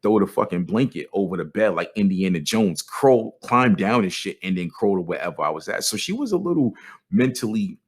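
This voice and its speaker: A man's voice: low voice, husky. A man, hosting a podcast as a casual, candid monologue with profanity and frequent restarts. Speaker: podcast host.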